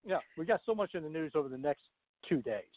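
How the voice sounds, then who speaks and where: A man co-hosting a political talk radio show, telling stories in a chatty, animated way. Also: on the high side, fast, no echo. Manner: chatty storyteller, animated retellings. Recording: dry tinny phone line.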